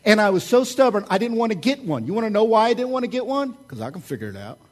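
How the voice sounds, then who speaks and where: Animated joking male preacher. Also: high-pitched, fast. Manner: casual storytelling, animated and joking. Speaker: pastor. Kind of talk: sermon.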